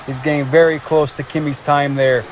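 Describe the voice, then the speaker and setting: A man giving energetic play-by-play commentary on a race as the show's host, calling lap times and cheering the drivers on. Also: on the high side, normal speed, faint music behind.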